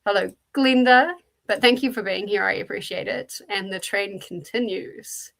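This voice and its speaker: A woman with a New Zealand accent hosts a relaxed livestream, her voice carrying a gravelly, fry-touched edge. She chats loosely and greets viewers one by one as she reads and answers their messages. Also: mid-range voice, normal speed. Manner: chatty, greets viewers by name and answers chat. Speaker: livestream host. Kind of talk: casual livestream chat.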